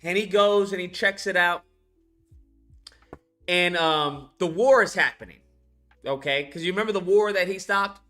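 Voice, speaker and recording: Male reviewer, bright higher voice, loose crude recap style. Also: normal speed, pauses often, faint music behind. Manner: rambling, crude, lots of fillers. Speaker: movie reviewer. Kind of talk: casual ranting film recap.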